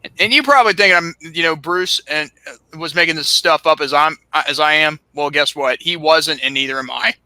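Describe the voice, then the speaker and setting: A man's voice: fairly high pitch, fairly even intonation, moderate pace, pushed and bright, dry recording. A young man co-hosting a podcast, telling a long story casually, full of fillers and restarts, on a laptop mic. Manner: rambling, filler-heavy, restarts often. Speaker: podcast co-host.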